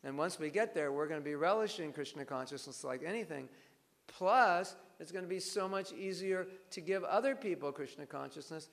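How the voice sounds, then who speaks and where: Gravelly guy teaching a scripture class, kinda high voice, animated stories. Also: normal speed, big-room sound. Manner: animated storytelling, with bits of acted dialogue. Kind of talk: devotional class lecture.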